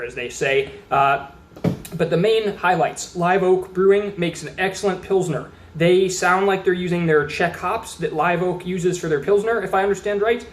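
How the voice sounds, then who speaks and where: A man's voice: on the high side, slight background noise. Chatty man reviewing beer, roomy sound. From Austin, Texas. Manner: chatty, rambling, reads labels aloud. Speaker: beer reviewer, channel host. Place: indoors at a table. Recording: roomy echo.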